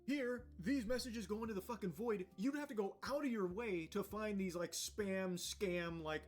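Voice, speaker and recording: A man's voice: sits high, normal speed, soft background music. A man giving blunt, ranting video commentary and swearing as he goes.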